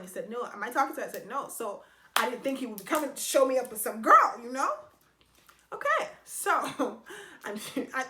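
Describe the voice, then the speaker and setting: Animated young woman telling a story. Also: on the high side. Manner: animated, exasperated storytelling, addressing viewers. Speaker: vlogger. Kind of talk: storytime vlog. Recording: echoey room, faint noise.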